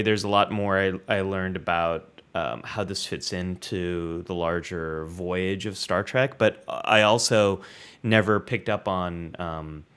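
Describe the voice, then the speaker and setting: A man co-hosting a casual livestream chat, reading out viewer comments in an upbeat way over a video call. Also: deep voice. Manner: reads viewer comments aloud, lively and upbeat. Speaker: co-host.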